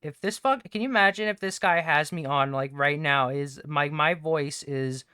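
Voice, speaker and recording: A man streaming from home, chatting casually in a rambling, halting way, swearing often. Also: a little high, sharp tone, clean tone, no echo, clean studio sound. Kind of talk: casual livestream chat.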